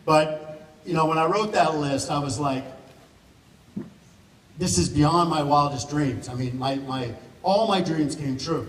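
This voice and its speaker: A man's voice: a little high, moderate pace. A man giving a rambling, joking thank-you speech at an event, chuckling often and close to tears. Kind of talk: emotional off-the-cuff speech. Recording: echoey hall from far off, noisy room.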